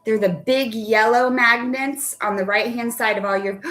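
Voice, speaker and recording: A young adult woman teacher leading a live online phonics lesson, patiently praising children by name and spelling out words deliberately. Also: a little high, steady tone, fairly bright tone.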